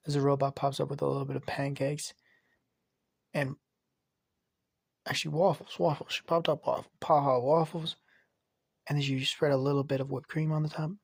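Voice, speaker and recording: A man's voice: medium pitch, flat delivery, moderate pace, vocal fry, pauses often, breathy edge, no room sound, clean studio sound. A man narrating a made-up story in a rambling, half-whispered way.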